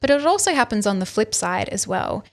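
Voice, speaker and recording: A woman's voice: medium pitch, big pitch swings, brisk. An Australian woman, a speaking coach, explaining vocal tips as a podcast guest and acting out examples in different tones. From Western Australia.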